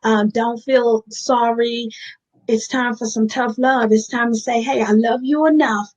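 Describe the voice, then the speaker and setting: A woman's voice: on the high side, fairly even intonation, unhurried, muffled recording. A woman, a guest in an interview, talks about her recovery in a candid, earnest and direct way, often addressing listeners as "y'all".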